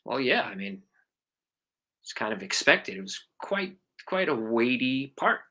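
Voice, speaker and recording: A man in his forties, an actor guest telling animated stories about his past film work in a casual interview. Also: medium pitch, unhurried. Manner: animated storyteller, acts out quotes, swears casually.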